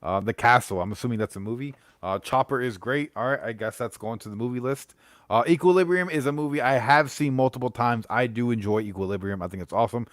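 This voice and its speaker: A man hosting a casual live stream, talking through movies in a loose, rambling way full of "um"s and restarts. His voice sits at an ordinary middle pitch, recorded close and dry with no room sound. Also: fast talker, no echo. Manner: rambling, chatty, many fillers and restarts.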